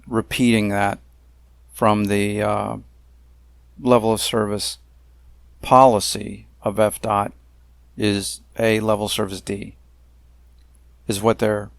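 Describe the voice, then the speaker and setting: A man narrating a slideshow about a dispute, talking in a deliberate, emphatic way with frequent pauses and fillers. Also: on the low side, creaky, no echo, clean studio sound. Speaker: narrator of a self-made video complaint series.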